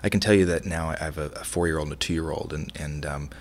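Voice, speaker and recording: A man's voice: extremely low pitch, quick pace. A middle-aged man, a chef and restaurant owner, talking in a casual interview, rambling through stories with lots of restarts. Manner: rambling, many restarts, animated storytelling.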